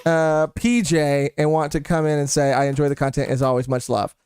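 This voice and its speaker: A man's voice: a little high, fairly quick, a little mellow, smooth, dry recording, clean studio sound. A young man co-hosting a podcast, chatting casually and rambling with restarts and cursing. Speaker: podcast co-host. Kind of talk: casual chat.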